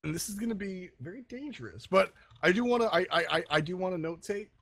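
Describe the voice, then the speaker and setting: A fairly high-voiced male esports caster, chatty and quick to laugh, stumbling into restarts as he talks. The mic is close and dry, with no room sound. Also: expressive, fairly bright tone, dry recording. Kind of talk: play-by-play commentary.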